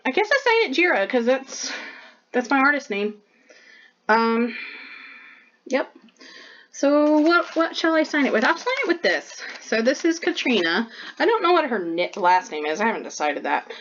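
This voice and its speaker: A woman's voice: high voice, very animated, normal speed, long pauses, a bit bright, highs cut off. A woman artist chatting casually while showing her sketchbook drawing, bubbly and full of "like" fillers.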